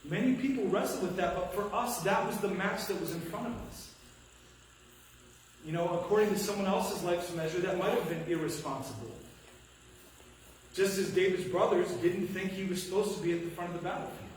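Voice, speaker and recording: Preacher telling a story in an echoey church. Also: male voice, high-pitched, a little fast, distant mic, slight background noise. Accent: Midwestern American. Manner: animated storytelling, acting out quotes, dropping to a hush. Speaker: pastor. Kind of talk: sermon with personal story. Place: church sanctuary.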